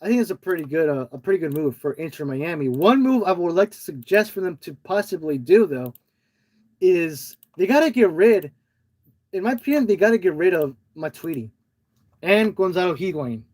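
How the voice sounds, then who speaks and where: A man's voice: high-pitched, lively intonation, normal speed, a little mellow. A man co-hosting a casual soccer podcast over an online call, often hesitating and restarting his phrases. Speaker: podcast co-host.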